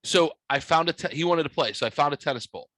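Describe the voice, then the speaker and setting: Fast and fairly high-pitched, with a fairly bright tone, a young podcast host spins a casual story full of jokes, profanity and smart-aleck remarks. The recording is rough, with no room sound.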